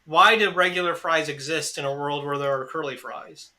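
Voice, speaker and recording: A young American man co-hosting a casual podcast, rambling and swearing freely as he gets worked up. His voice is very bright and sharp, sitting a little high for a man. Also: moderate pace. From United States. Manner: profane, rambling, excitable. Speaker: podcast co-host. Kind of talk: casual chat.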